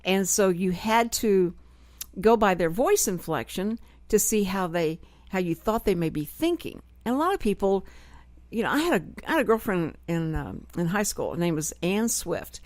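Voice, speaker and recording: A woman's voice: medium pitch, moderate pace, no echo. A middle-aged woman hosting a radio talk show, chatting freely and expressively with no filter. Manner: expressive, no-filter talker who acts out quoted voices. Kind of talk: casual radio chat. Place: radio studio.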